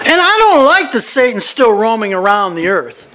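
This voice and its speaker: A man's voice: sits high, very animated, moderate pace, pushed and bright, a little hiss or hum. A man teaching a Bible study in a conversational way. He is digressive and often restarts and repeats words.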